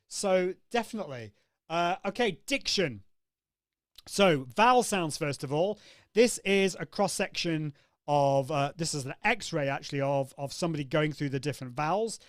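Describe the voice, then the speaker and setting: A man's voice: a little high, no echo, studio quality. Upbeat man coaching voice exercises. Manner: demonstrative, upbeat, models vocal exercises aloud. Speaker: host. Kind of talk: live online coaching session.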